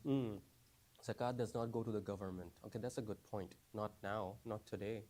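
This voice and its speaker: A man's voice: on the low side, steady tone, a little fast, darkish tone. A man teaching a class for new Muslims in a casual, conversational way. He often repeats phrases and keeps asking the class questions. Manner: repeats phrases, frequent "right?" and "you understand?".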